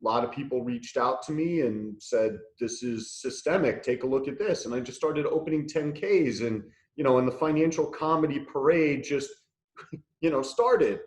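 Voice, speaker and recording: A man's voice: medium pitch, moderate pace, roomy sound. A man telling his story as an interview guest, blunt and profane, laughing through the funny parts. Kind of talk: candid conversational storytelling.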